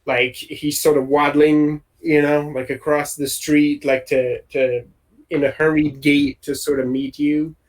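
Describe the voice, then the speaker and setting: A man's voice: fairly high pitch, flat delivery, measured pace, rough recording. A man narrating a tabletop game as game master, describing scenes with a lot of hesitation and fillers. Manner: hesitant, many fillers and restarts while describing.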